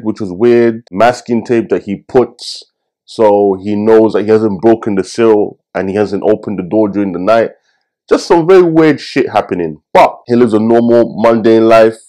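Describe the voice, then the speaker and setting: Low mellow-voiced man ranting casually. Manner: animated, swearing, jokey asides. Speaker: film review host. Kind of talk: casual review rant.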